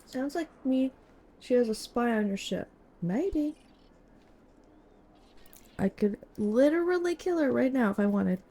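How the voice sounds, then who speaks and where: A woman's voice: on the high side, lively intonation, unhurried, pauses often, mellow. A woman streaming a game live, reacting in a playful, crude, casual way.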